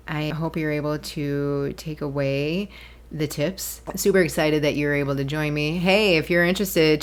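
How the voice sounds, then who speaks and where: Woman, low voice, solo podcast host, rambling and chatty, laughs easily. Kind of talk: casual solo podcast monologue.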